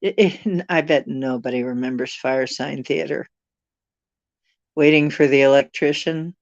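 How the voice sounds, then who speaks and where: A woman's voice: low voice, normal speed, darkish tone, no room sound, lo-fi sound. A woman hosting a livestream, chatting casually with viewers in a rambling, joking, self-deprecating way. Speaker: livestream host.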